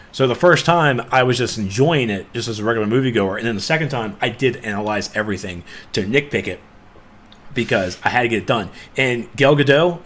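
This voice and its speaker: Male podcast co-host, mid-pitched, animated and rambling. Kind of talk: casual podcast chat.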